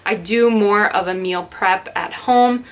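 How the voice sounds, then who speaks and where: A woman's voice: medium pitch, unhurried. A young woman in her twenties, chatting casually to camera in her bedroom, upbeat with lots of fillers. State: slightly out of breath. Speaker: lifestyle vlogger. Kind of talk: casual vlog talk to camera.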